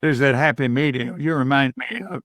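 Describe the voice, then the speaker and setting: An older man from Georgia, a communication coach guest, giving measured, deliberate advice in points. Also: medium pitch, steady tone, a bit bright, dry recording, clean studio sound. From Georgia, USA. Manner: measured, deliberate, lists points and quotes sayings.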